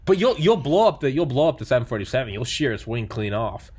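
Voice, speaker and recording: A man's voice: medium pitch, very animated, quick pace, darkish tone, husky. A man chatting casually about video games, rambling with lots of fillers, restarts and swearing. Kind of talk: casual chat.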